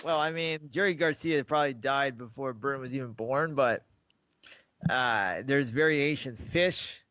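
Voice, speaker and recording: A man's voice: medium pitch, measured pace, fairly bright tone, no room sound, dull audio. A man co-hosting a podcast, chatting casually and rambling through stories while acting out the voices of callers. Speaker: podcast co-host. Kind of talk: casual sports chat.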